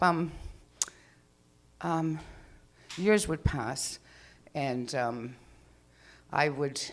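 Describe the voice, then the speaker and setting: Chatty woman telling a story on stage. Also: low-pitched. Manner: chatty, rambling, acts out voices. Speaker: open-mic storyteller. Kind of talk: live storytelling. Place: live venue stage.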